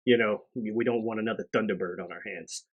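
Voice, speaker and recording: A man on a casual podcast, telling a story with energy and loudly acting out the characters' lines. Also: fairly low pitch, steady tone, fast talker, muffled recording. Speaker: podcast co-host. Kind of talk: casual chat.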